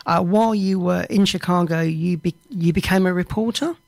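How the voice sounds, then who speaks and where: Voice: mid-range voice, normal speed, vocal fry. An interviewer hosting a talk, asking questions with hesitant restarts and fillers. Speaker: interviewer host.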